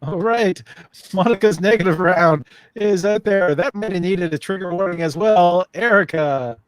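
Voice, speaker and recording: High-pitched guy hosting a comedy game show, rambly and chatty, dry close mic. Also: normal speed, no echo. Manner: loose and chatty, many fillers and restarts. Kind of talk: casual live-stream game show hosting.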